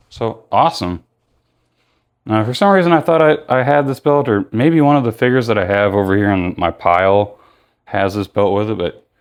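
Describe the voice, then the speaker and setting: A tired man chatting casually through a toy unboxing, rambling with lots of fillers and self-corrections. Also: fairly low pitch. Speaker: toy reviewer.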